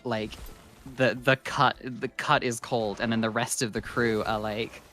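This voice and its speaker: A man's voice: medium pitch, measured pace. Laughing man with a Scottish twang. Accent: Scottish-tinged English. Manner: animated, laughing storyteller with frequent restarts and swearing. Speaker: streamer host. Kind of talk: casual chat.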